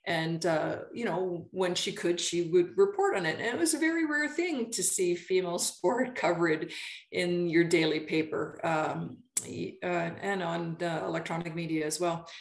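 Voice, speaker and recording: Canadian lady in her 50s, lowish voice, chatty, restarts a lot, echoey room. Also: expressive, normal speed. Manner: chatty, stop-start with many restarts and fillers. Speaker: guest, sports broadcaster. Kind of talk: casual interview chat. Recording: roomy echo.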